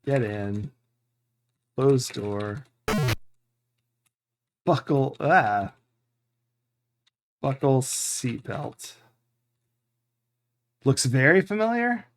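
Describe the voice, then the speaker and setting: A man's voice: mid-range voice, very animated, drawn-out words, pauses often, soft background music. Man rambling over a game playthrough. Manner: thinking aloud, rambling with fillers. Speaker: streamer. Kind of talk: live game playthrough commentary.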